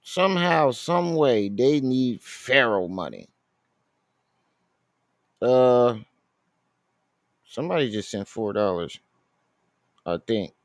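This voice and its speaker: A man's voice: medium pitch, lively intonation, slow, pauses often, no room sound. A man hosts a live stream in a loose, chatty way. He reads donations and talks back at a clip he is playing. His voice sounds dry and close to the mic. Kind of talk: casual commentary stream.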